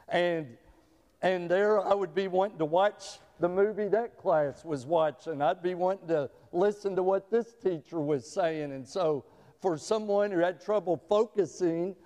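A middle-aged pastor preaches in a church sanctuary, his voice sitting high, mellow and measured. He tells folksy stories and repeats his words often, with the long reverb of a large hall behind him.

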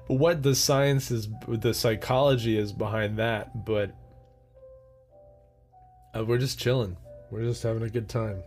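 A young man talks on his own for a podcast, wandering from rant to rant and chuckling at his own jokes. His voice sits at an ordinary pitch for a man, with casual swearing throughout. Faint music plays underneath. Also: darkish tone. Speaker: podcast host. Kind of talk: solo rambling podcast monologue.

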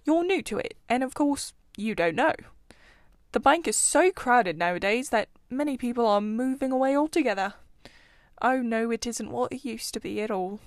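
A woman's voice: a little high, steady tone, moderate pace, vocal fry, hardly any pauses, dry recording. A woman voicing a self-assured male water rat who loves his river, talking in a confident, chatty and somewhat guarded way. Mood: boastful. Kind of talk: storybook reading.

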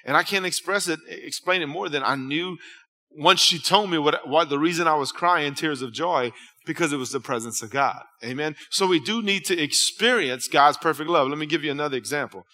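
Bright-voiced man preaching in a hall. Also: on the high side, brisk. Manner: conversational preaching, storytelling with restarts. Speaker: pastor. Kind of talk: sermon. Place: church hall. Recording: hall reverb.

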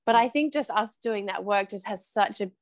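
A woman's voice: mid-range voice, moderate pace, no echo. A woman hosting a casual podcast chat, encouraging and thinking aloud with lots of fillers. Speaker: podcast host.

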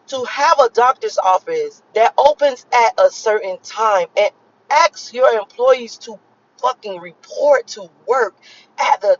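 A woman in her thirties from Miami, ranting casually to her viewers in a profane, emphatic way and repeating herself for emphasis. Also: fairly high pitch. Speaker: vlogger. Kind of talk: casual rant to camera. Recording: slightly lo-fi recording.

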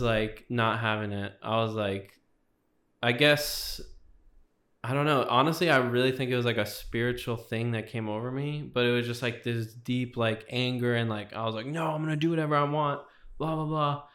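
Young male guest, flat delivery, rambling testimony, heavy "like" fillers. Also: medium pitch, normal speed. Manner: rambling, fills with 'like' constantly. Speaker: podcast guest. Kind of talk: casual testimony storytelling.

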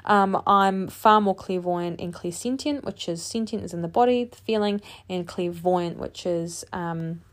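A woman who works as a medium, chatting casually to her listeners about a reading, with many fillers and lively quoted exchanges. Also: on the low side, unhurried, hardly any pauses. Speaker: medium, podcast host.

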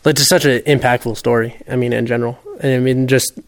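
Male podcast co-host, mid-pitched and easygoing, dry close-miked sound. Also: level tone, fast talker, dry recording. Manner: chatty, loose, many fillers. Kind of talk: casual faith discussion.

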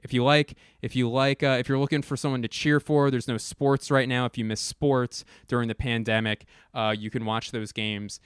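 Profane rambling man, smooth dry voice. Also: mid-range voice, fairly bright tone, no echo. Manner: rambling, profane, self-mocking. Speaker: podcast host. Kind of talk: casual comedic monologue.

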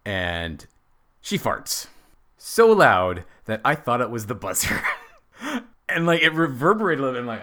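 A man's voice: mid-range voice, moderate pace. A man and father on a casual comedy podcast, telling family stories with dry jokes. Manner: animated storytelling, dry jokes.

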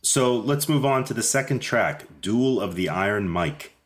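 A man's voice: mid-range voice, animated, normal speed. A man hosting a music podcast, upbeat and chatty, who laughs easily and steers the discussion. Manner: upbeat, laughs often, leads the segments. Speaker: podcast host. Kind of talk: casual music review chat.

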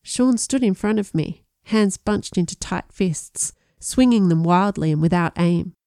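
A woman's voice: lowish voice, dry recording. Woman narrating, dry close sound. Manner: measured storytelling with lively voiced dialogue. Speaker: audiobook narrator. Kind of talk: first-person audiobook narration.

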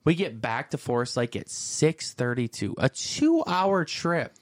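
Animated man telling a story. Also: medium pitch, measured pace, no room sound, studio quality. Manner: animated, acts out quotes in voices. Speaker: podcast co-host. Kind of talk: casual storytelling chat.

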